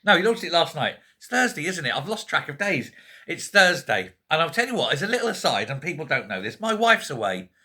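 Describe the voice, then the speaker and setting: A Scottish man in a quiet home, chatting casually to camera about politics with joking asides and frequent self-corrections. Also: a little high, sing-song, a little fast. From Scotland. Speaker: political vlogger. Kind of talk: casual rambling commentary to camera.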